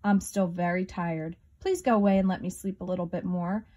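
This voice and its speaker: A woman's voice: on the low side, steady tone, a little fast, dark tone, close to an everyday voice. A woman voicing a lazy, sleepy male groundhog who grumbles in a storybook.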